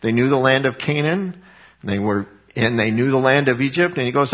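A husky middle-aged man delivers a sermon in a fervent, conversational way, often doubling back on his words. His voice sits at an ordinary pitch, slightly breathy. The recording sounds dull and lo-fi. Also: expressive, moderate pace. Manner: fervent, conversational preaching with frequent restarts. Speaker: preacher.

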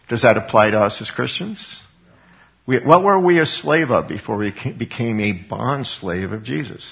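A man's voice: medium pitch, expressive, normal speed, gravelly. A man giving an informal sermon as a Bible teacher, talking conversationally, chuckling often and acting out scripture quotes dramatically. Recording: dull lo-fi recording.

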